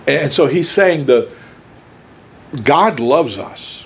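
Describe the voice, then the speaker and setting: Male pastor, unhurried emphatic sermon, voice swinging up and down. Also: on the high side, creaky, slight background noise. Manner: animated, emphatic preaching with pauses. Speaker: preacher.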